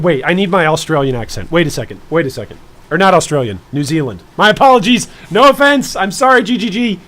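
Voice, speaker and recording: A man in his thirties joking around with viewers while streaming live. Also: high voice. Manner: playful, jokey, chatting to viewers. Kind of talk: live-stream reaction chat.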